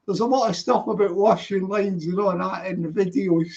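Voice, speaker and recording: High-voiced man, rambling and repetitive in casual talk, muffled lo-fi audio. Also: steady tone, normal speed, creaky, a little mellow. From London. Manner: rambling, repeats words, says you know often. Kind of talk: casual chat on a live stream. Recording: dull lo-fi sound.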